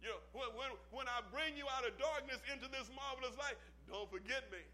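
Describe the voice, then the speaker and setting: High, bright-voiced male preacher. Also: fairly quick, slight background noise. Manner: rhythmic, repetitive preaching cadence; calls out questions to the congregation. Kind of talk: sermon.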